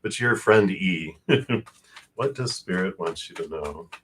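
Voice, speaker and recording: Background noise accompanies a deep, animated male voice delivering live tarot readings. He speaks rapidly and warmly about energy and spirit, laughing often and admitting he's out of breath.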